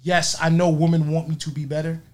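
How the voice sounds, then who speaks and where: A man's voice: a little high, level tone, a little fast, a little mellow. A man hosting a casual podcast chat, talking loosely with many restarts. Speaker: podcast host.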